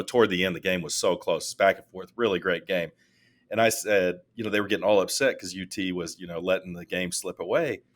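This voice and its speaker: A man co-hosting a casual podcast, telling animated stories that rise into loud mock rants. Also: lowish voice. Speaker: podcast co-host.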